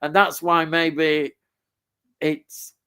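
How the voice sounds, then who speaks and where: A man's voice: fairly high pitch, little pitch movement, extremely slow, sharp tone, clear, resonant tone. Chatty man reading viewer comments. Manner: chatty, laughs often, reads out comments. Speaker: live stream co-host. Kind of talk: casual live-stream chat reading viewer comments.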